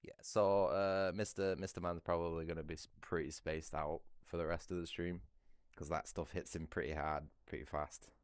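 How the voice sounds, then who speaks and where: A man's voice: low-pitched, flat delivery, normal speed, clear, resonant tone, dry recording. A British man chatting casually on a livestream, rambling and swearing freely.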